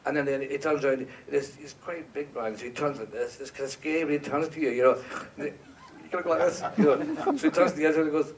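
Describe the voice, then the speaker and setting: A man, a composer guest on a panel, telling an animated story on stage, laughing and acting out quotes. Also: on the high side, quick pace, distant mic, a little hiss or hum. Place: stage at an awards event.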